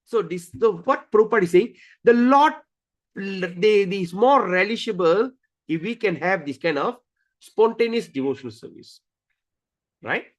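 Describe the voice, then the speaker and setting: A man with a high voice gives a scripture study lecture at a moderate pace, repeating key words and often restarting sentences as he explains. The scripture teacher is animated, acting out stories with different voices.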